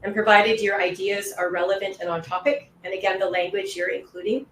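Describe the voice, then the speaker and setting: A woman's voice: medium pitch, flat delivery, brisk, fairly bright tone, a little hiss or hum. A woman test-prep instructor answering questions on a webinar in a patient, reassuring, explanatory way, over a video call. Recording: roomy echo.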